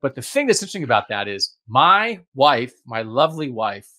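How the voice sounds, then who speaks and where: A middle-aged man hosts a casual podcast chat. He tells stories with lively energy and jumps up and down in pitch when he quotes people. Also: brisk, hardly any pauses. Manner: animated storyteller, acts out quotes with big pitch swings. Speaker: podcast host.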